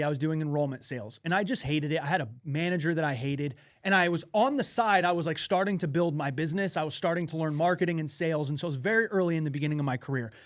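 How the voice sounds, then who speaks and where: This man co-hosts a laid-back podcast. He tells his stories in an animated, profane way, and his voice sits a little on the higher side. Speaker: podcast co-host. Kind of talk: casual podcast chat.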